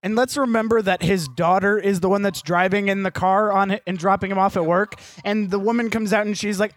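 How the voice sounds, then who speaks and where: High-voiced sarcastic man recapping a film. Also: steady tone, fairly quick, few pauses. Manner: sarcastic, acts out scenes in silly voices. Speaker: podcast co-host recapping a film. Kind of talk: casual comedic chat.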